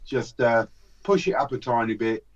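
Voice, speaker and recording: A British man hosting a charity livestream, running a joking fast-patter auction of a silver bar. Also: medium pitch, animated. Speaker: livestream host. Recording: dull lo-fi stream audio.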